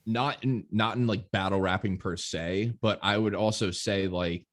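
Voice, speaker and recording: A young American man in his twenties talks as a guest, relaxed and easygoing. His voice sits very low, and nearly every phrase is padded with "like". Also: moderate pace. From United States. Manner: laid-back, says "like" constantly. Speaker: guest rapper. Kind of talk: casual interview talk.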